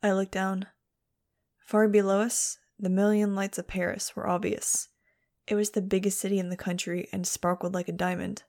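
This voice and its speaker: A woman's voice: mid-range voice, darkish tone. A woman narrating a first-person audiobook in a dry, sardonic manner.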